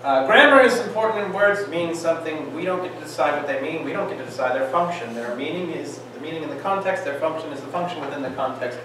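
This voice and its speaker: High-voiced man lecturing in an echoey room. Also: fast talker, hardly any pauses. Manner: lively, joking, fires off rhetorical questions. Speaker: Bible teacher. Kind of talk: classroom lecture. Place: classroom. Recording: echoey room, distant mic, faint hiss.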